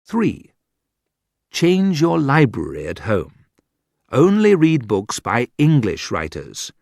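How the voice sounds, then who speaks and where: A man reading a humorous book aloud as an audiobook narrator, in deliberate scripted narration. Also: mid-range voice, wildly swooping pitch, gravelly, a little mellow, dry recording, studio quality.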